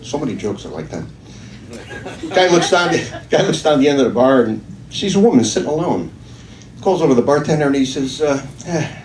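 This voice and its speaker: Male stand-up comic, animated, distant mic in an echoey club with noise. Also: medium pitch, brisk. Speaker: stand-up comedian. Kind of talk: stand-up joke telling. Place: small comedy club venue.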